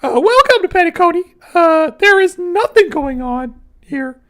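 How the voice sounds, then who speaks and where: A man doing a very high-pitched impression of a male clock mascot who cheerfully insists nothing is wrong, stammering nervously through his welcomes. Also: big pitch swings, a little slow, fairly bright tone, full character voice. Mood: nervous cheer. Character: chirpy male clock mascot hiding trouble. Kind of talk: livestream impression.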